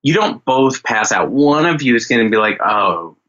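Wisecracking guy on a comedy podcast, bright voice, jumps in with jokes. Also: medium pitch, very animated, highs cut off. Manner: wisecracking, quick interjections. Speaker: podcast co-host. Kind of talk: casual comedic banter.

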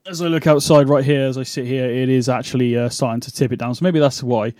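A man's voice: mid-range voice, fairly even intonation, quick pace, dark tone, no echo, clean studio sound. A man from the UK hosting a casual wrestling podcast, rambling with many fillers and restarts. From United Kingdom. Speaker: podcast host. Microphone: remote call setup.

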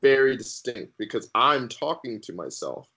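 A man guest on a podcast sharing his personal faith testimony in an earnest, halting way with many fillers. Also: medium pitch, big pitch swings, pushed and bright, slightly rough, poor audio.

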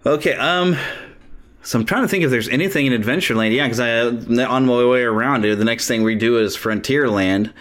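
A man hosting a podcast in casual, eager conversation, talking quickly and laughing easily. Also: mid-range voice, fairly bright tone. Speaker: podcast host. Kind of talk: casual chat.

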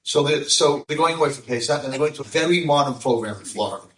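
A man with an American accent, a rabbi telling a story as an animated storyteller to a live audience. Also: quick pace, slight background noise. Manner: animated storyteller, acts out quotes with sudden high voices. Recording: echoey room, speaker far from mic.

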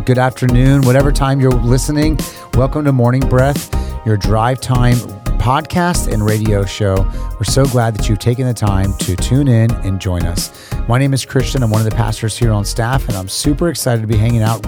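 Enthusiastic pastor hosting a podcast. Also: male voice, mid-range voice, normal speed, over music. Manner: enthusiastic, chatty. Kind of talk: upbeat church podcast chat.

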